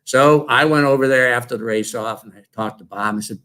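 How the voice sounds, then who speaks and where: A man's voice: mid-range voice, a little fast, clean tone. Older man telling a coaching story. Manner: storytelling, lively retelling. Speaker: former coach. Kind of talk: induction tribute speech.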